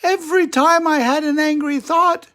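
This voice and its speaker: An older man voicing a calm, peaceful female squirrel in a high sing-song voice for a storybook read-aloud. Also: normal speed. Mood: serene.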